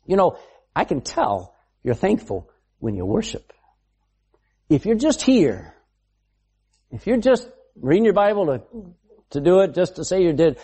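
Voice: medium pitch, mellow, slightly rough. A preacher delivering an emphatic sermon, firing rhetorical questions at the congregation and acting out quoted speech. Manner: acts out quoted speech in varied voices.

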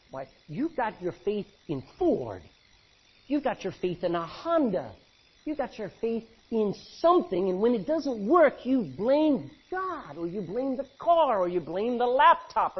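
A man's voice: sits high, breathy edge. A man preaching a sermon in a folksy, conversational way, with personal stories and asides. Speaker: pastor. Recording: dull lo-fi recording.

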